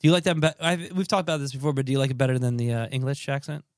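A man's voice: medium pitch, racing, no room sound, clean studio sound. Laid-back man chatting on a podcast. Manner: laid-back, laughs often, trails off mid-sentence. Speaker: podcast co-host. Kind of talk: casual chat.

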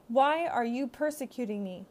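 Divine male voice from heaven, woman reader, firm, slightly high. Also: expressive, normal speed, close to an everyday voice. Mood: commanding.

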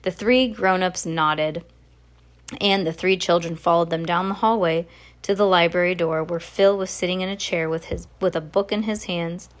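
A woman reading a novel aloud at a steady pace, with small slips and self-corrections. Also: lowish voice, normal speed. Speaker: reader.

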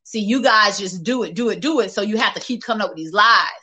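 A woman's voice: mid-range voice, fast talker, pushed and bright, slightly rough, rough recording. A woman hosting a casual livestream, reading viewer comments and talking candidly and directly to her viewers, laughing often. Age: adult, working age.

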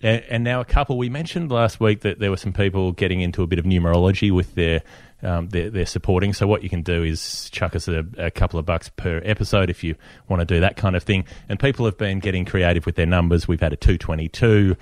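A man's voice: sits low, fairly even intonation, quick pace, darkish tone, no echo, clean studio sound. A man, co-hosting a casual podcast chat in a wry, chatty way and thanking listeners by name. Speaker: podcast co-host.

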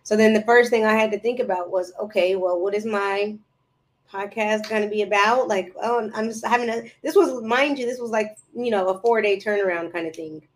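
A woman's voice: mid-range voice, a little fast. A woman guest on a podcast chatting casually and telling stories, acting out her own past dialogue. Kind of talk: casual interview chat.

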